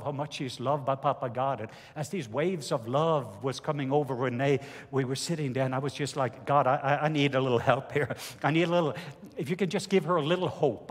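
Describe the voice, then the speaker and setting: A man with a Norwegian accent preaches to a congregation, recounting a testimony earnestly and stumbling over restarts. His voice sits a little high and sounds husky. The sound rings with the long reverb of a large hall. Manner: earnest storytelling with halting restarts. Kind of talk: sermon with personal testimony.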